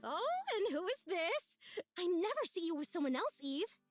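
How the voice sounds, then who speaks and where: A sing-songy, chirpy woman volunteer, cheerful on the surface and worn underneath, as a woman voices her in a story game. Her voice sits high and swoops widely. Faint music in the background. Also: sing-song, moderate pace. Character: cheerful overworked adult woman park volunteer. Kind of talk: reading a visual novel aloud.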